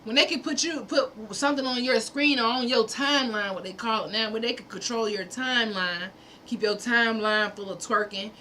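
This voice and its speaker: A woman speaks straight to her livestream viewers with fervent conviction. She builds her points through hammering repetition and drops in the odd curse. Her voice is bright and forceful and sits a little high, over a faint hiss. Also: brisk. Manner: preachy, fervent, profane, speaks in repeated punchy phrases. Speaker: livestream host. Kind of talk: impassioned livestream monologue.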